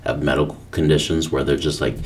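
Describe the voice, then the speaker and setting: A man's voice: extremely low pitch, level tone, quick pace, far from the mic. A young man co-hosting a casual podcast, crude and slangy, laughing often. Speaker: podcast co-host. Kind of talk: casual chat.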